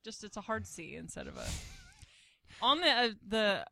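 A woman's voice: medium pitch, very animated, moderate pace, gravelly, pushed and bright. A young adult woman, a podcast guest, chatting casually and joking with frequent laughter. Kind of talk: casual chat.

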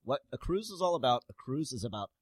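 A man chatting as a podcast guest, telling an animated story and laughing as he talks. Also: medium pitch, fast talker, husky, dry recording. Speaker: podcast guest, travel agent. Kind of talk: casual chat.

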